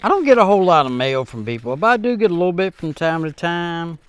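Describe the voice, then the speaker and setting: A man hosting his own vlog, talking earnestly and heartfelt to viewers in a halting way, with many fillers and restarts. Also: fairly high pitch, very animated, slight background noise. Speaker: channel host. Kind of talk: casual vlog talk to viewers.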